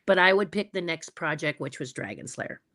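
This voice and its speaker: A woman guest on a podcast, telling stories in an animated, dramatic way and acting out the people in them. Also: deep voice, fairly quick. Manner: animated, dramatic storyteller who acts out quotes. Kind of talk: podcast storytelling.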